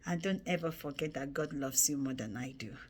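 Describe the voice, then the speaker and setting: A woman speaking earnestly in a personal storytelling vlog, turning animated as she acts out memories. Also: very deep voice, fairly quick, husky. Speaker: vlogger.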